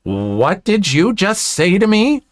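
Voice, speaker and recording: A man's voice: on the high side, sing-song, a little slow, a bit bright, dry recording, clean studio sound, pitched above the performer's own voice. A man voicing a pushy, entitled woman who talks down to others in a haughty, accusing way.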